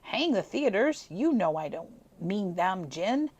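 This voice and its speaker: A woman's voice: fairly low pitch, normal speed, darkish tone, lo-fi sound. A woman reading aloud, voicing a moody young man who fumbles for words with the girl he loves. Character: gloomy, tongue-tied young man in love.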